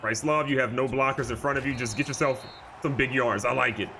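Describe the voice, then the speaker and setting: A man giving excitable, jokey live commentary over a football video game, moving from calm play calling to loud outbursts. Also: mid-range voice, fairly quick, slight background noise. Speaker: gaming YouTuber.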